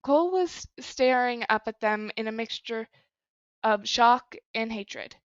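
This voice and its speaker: A woman reading a story aloud in a plain, even manner with small slips. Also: a little high, measured pace, dry recording, muffled recording. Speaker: story reader. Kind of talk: reading fan fiction aloud.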